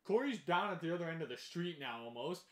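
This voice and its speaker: A man telling a wild story in casual chat, animated, swearing and laughing as he goes. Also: fairly high pitch, fast. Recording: echoey room.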